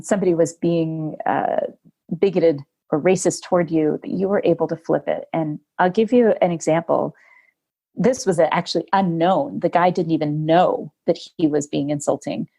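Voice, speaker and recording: A woman hosting a podcast, telling a personal story in a lively, conversational way. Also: lowish voice. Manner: animated, laughs while telling stories. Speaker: podcast host.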